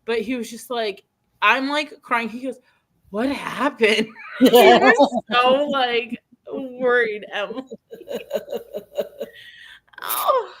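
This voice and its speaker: Chatty woman rambling through a story. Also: fairly high pitch. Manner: rambling storyteller, animated, quick laughs. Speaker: host. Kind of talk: casual chat.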